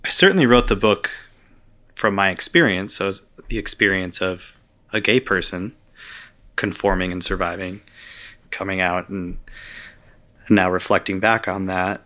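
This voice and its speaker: Low-voiced man, bright and reflective. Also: moderate pace, pauses often. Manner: reflective, earnest, with fillers. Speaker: author and interview guest. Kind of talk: conversational interview.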